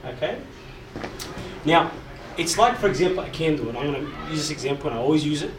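Emphatic high-voiced man preaching. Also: expressive, fast. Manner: repetitive, emphatic, asks the audience questions. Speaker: preacher, youth speaker. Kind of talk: sermon to a live group. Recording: echoey hall, mic far off, audible noise.

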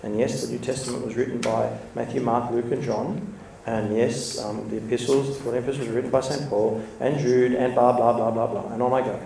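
A man's voice: medium pitch, little pitch movement, a little fast, vocal fry, few pauses, mellow, slight background noise. A man giving an informal sermon, chatty and storytelling, laughing between points. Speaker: church speaker. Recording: echoey room, mic from a distance, faint ambience.

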